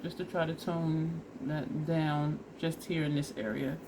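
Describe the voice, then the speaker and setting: A woman's voice: sits low, flat delivery, a little slow, heavy background noise. A woman vlogger casually talking through a makeup try-on step by step, chatty and laughing at herself, teary and sniffly from allergies. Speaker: beauty vlogger.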